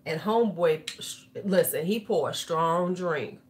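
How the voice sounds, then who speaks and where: A woman's voice: lowish voice, expressive, slow pace, darkish tone. A middle-aged woman hosting a casual beauty livestream, tipsy and chatty, swearing and laughing freely as she talks. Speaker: beauty YouTuber.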